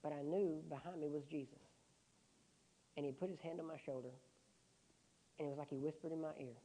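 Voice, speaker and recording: A man preaching a sermon and recounting a personal story with deep emotion, often dropping to a hushed voice. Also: steady tone, fairly quick, low-quality recording.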